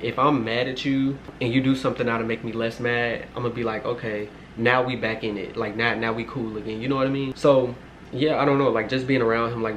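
Rambling with plenty of filler words and swearing, a man in his twenties tells his viewers a personal story in a casual, mid-range voice. Audio quality is poor, with slight background noise.

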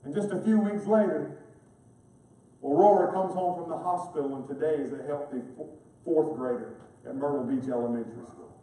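A man's voice: fairly high pitch, brisk, dark tone. A man preaching a sermon as a pastor, telling a story with passion and building to emphatic peaks in a large chapel. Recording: echoey chapel, voice from far off.

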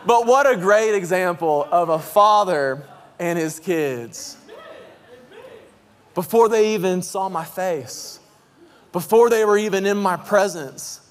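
A man in his thirties preaching in a church, telling a story with deep emotion and shouting out his kids' voices. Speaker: pastor. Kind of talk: sermon. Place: church sanctuary. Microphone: handheld mic. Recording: long hall reverb in a church.

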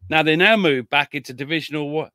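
Male military historian, guest spot: bright, forceful voice, dry close sound, loose chatty delivery full of restarts and blunt asides. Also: a little high, animated, moderate pace, dry recording. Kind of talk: casual conversational interview.

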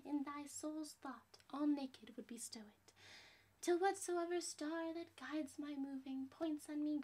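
A woman's voice: sits high, a little mellow. A woman putting on the voice of a perky, nervous teen girl heroine, rambling and apologetic as a fan impression. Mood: reciting.

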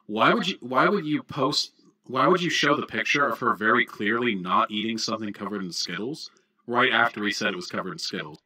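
A man's voice: lowish voice, a little fast, pushed and bright, husky. A man giving livestream commentary on a video, mocking and swearing as he talks.

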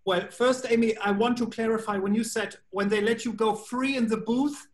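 A man with a German accent, answering interview questions in a playful, jokey way with deadpan asides. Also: high voice, moderate pace. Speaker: voice actor being interviewed. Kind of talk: casual video-call interview.

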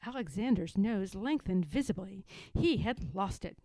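Lively expressive woman reading aloud. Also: mid-range voice, normal speed, dry recording. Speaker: storyteller. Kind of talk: children's story read-aloud.

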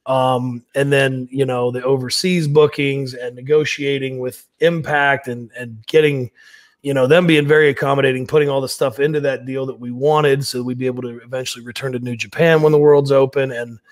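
A man's voice: mid-range voice, fairly even intonation, brisk, no echo, studio quality. A man, a pro wrestler, talking casually in an interview in a brash, laid-back way, with plenty of swearing.

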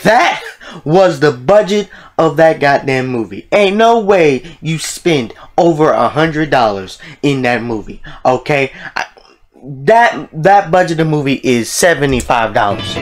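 A man's voice: a little high, lively intonation, measured pace. A man hosting a reaction video, talking casually, exclaiming in disbelief and swearing freely.

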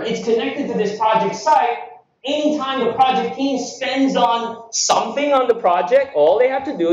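A man from the Philippines giving a jokey, energetic conference keynote, calling the crowd friends. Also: high-pitched. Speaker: keynote speaker. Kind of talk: humorous conference keynote with live demo. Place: large conference hall. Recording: echoey hall from far off, dull.

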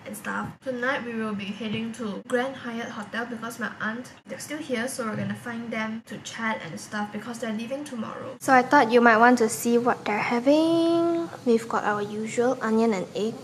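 A woman's voice: a little high, moderate pace, hardly any pauses, noisy background. A young woman with a Malaysian English accent, chatting expressively in a casual vlog and telling stories with lots of "like" fillers. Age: young adult. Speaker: vlogger.

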